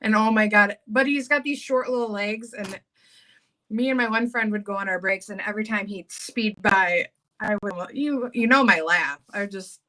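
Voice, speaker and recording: A woman chatting casually and breaking into laughter as she tells stories about a coworker. Her voice is bright and forceful, and she talks in a loose, animated way. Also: medium pitch, normal speed. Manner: laughs often, animated and giggly. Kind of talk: casual storytelling chat.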